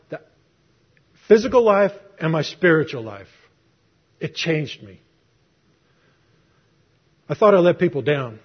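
In a sermon with personal testimony, a middle-aged preacher tells his story conversationally, throwing rhetorical questions to the congregation. His slightly high, husky voice is animated and unhurried, pausing often, and the recording is muffled and lo-fi.

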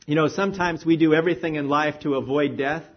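A man preaching a sermon with animated emphasis, swinging between raised declarations and hushed, quiet phrases. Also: on the high side, quick pace, dull audio. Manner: animated, rising and falling emphasis, drops to near-whisper.

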